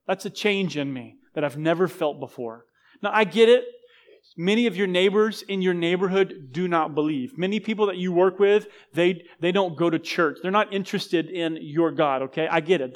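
A male pastor giving a conversational sermon in a church, with self-deprecating humor and frequent restarts. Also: fairly high pitch. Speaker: guest pastor.

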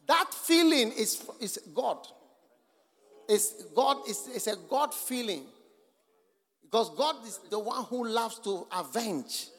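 High, animated man preaching. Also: slow pace. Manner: storytelling, acts out the people he quotes; swings from hushed to shouting. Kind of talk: sermon. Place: church conference hall. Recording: long hall reverb.

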